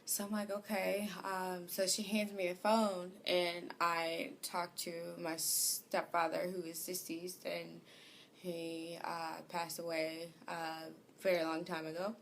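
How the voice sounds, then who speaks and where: A woman telling a personal story, hesitant and full of fillers, her voice growing softer as she goes. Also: on the low side, level tone, slow, a little hiss or hum. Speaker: vlogger. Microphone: home recording.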